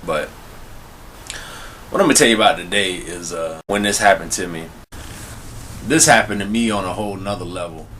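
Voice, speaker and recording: A man's voice: deep voice, normal speed, pauses often, pushed and bright, a little hiss or hum. A young man telling a personal story to his viewers in a laid-back, slangy way, often speaking to them directly. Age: young adult. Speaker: vlogger. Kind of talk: casual storytelling to camera.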